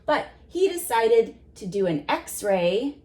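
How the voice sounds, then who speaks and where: Slow, careful woman teaching kids phonics. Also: on the high side, very animated. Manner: slow, deliberate, sounds out words for young children; asks gentle questions to a child listener. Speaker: preschool teacher. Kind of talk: children's phonics lesson.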